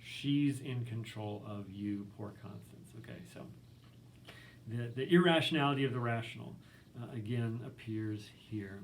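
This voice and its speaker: A man's voice: medium pitch, normal speed, a little hiss or hum. A male literature professor giving a recorded lecture in a casual, conversational way, full of ums and likes, reading quotes aloud.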